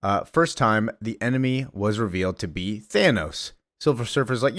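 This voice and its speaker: A man's voice: lowish voice, expressive, moderate pace, few pauses, fairly bright tone, no echo. Chatty man recapping comics, dry sound. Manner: chatty, filler-heavy, wry asides.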